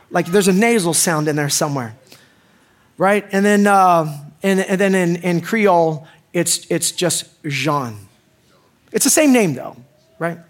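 A man in middle age delivers a sermon with a relaxed, joking ease. His voice sits high for a man. He keeps asking the congregation questions as if chatting with them. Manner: joking, conversational, asks the crowd questions. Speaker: pastor.

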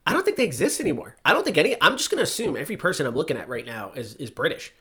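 A man co-hosting a casual podcast, his husky voice swinging widely in pitch as he talks quickly. He keeps up a wry, teasing back-and-forth. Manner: animated, wry, teasing banter. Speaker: podcast co-host. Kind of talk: casual chat.

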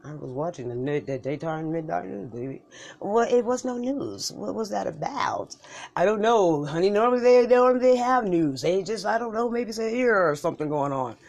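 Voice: mid-range voice, lively intonation, normal speed, creaky, a little mellow. A performer in a solo comedy skit voicing both sides of a bickering couple, with slangy, profane banter and mumbled asides. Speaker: comedic podcaster.

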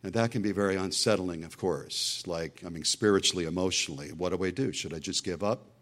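Emphatic low-voiced male preacher. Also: brisk, fairly bright tone. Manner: emphatic preaching with storytelling asides. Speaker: pastor. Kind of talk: sermon.

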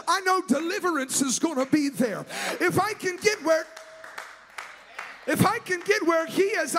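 A male evangelist with a very high, forceful and bright voice preaches at a church service. He is fervent and shouts often, rising to high peaks as he drives his point home. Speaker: guest evangelist. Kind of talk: sermon.

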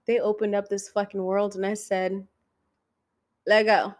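A woman in her thirties hosting a casual solo podcast, swearing freely and teasing the listener directly, her voice going high when she gets excited. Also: moderate pace. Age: 30s. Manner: profane, teasing, talks straight to the listener. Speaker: podcast host.

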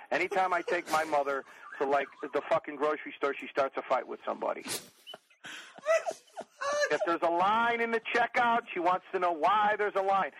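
A man's voice: high-pitched, a bit bright, low-quality recording. A middle-aged man, telling profane, rambling comic stories in a casual chat as a podcast guest.

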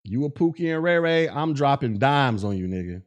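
A man's voice: medium pitch, lively intonation, normal speed. A man hosting a podcast, speaking in with blunt, mocking commentary and laughing at his own jokes. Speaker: podcast host. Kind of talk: casual commentary.

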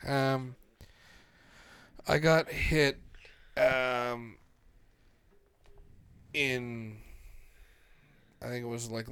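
A young man in a loose, profane chat, his voice smooth and resonant. He tells stories loudly and swears a lot, recorded close and dry. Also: mid-range voice, no echo. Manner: swearing, loud storytelling. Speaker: podcast co-host. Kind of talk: casual chat.

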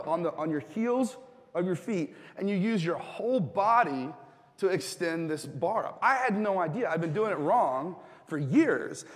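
A fairly high-voiced man preaches to his congregation in a loose, joking way, with filler words, and keeps asking them to answer back. His voice rings out with a long reverb tail from the church hall. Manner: casual, joking, asks the congregation questions. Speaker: pastor. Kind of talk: sermon.

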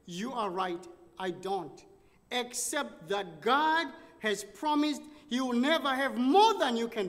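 A man's voice: very high-pitched, fairly bright tone. A man from the United States with a Texan accent, preaching and telling a story while acting out both sides of the conversation. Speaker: pastor. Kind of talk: sermon storytelling. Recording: long reverb of a large hall.

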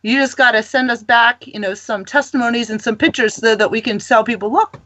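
A woman guest on a ministry talk show, telling stories in a lively, rambling way and laughing often. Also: fairly high pitch, a little fast, no echo. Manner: animated storytelling, laughing often. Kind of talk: casual chat.

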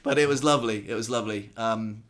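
A man's voice: on the low side, fast, fairly bright tone. A man co-hosting a casual podcast in person, rambling with lots of fillers and repeating himself. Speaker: podcast co-host. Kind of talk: casual chat. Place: indoors, in-person podcast recording.

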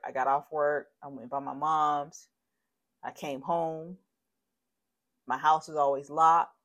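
An adult podcast host speaking in a candid, rambling personal monologue, shaken and turning heated and profane. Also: mid-range voice.

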